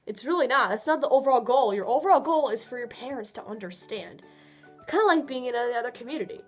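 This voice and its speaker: Chatty young woman vlogger, high voice. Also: fast talker, faint music behind. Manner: chatty, laughs often, lively swings in pitch. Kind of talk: casual advice vlog.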